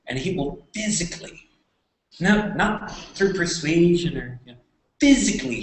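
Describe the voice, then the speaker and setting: A man giving a classroom lecture, talking haltingly with many fillers and restarts. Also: a little high, fairly bright tone. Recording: echoey room, voice from far off.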